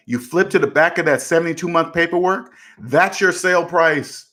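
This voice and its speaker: A man hosts a personal finance talk, speaking casually but with preachy insistence. His voice sits a bit high, and he hammers each point by saying it twice. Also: a little fast, few pauses, fairly bright tone. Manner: emphatic and repetitive, preachy, drives points home. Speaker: personal finance channel host. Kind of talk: casual commentary to camera.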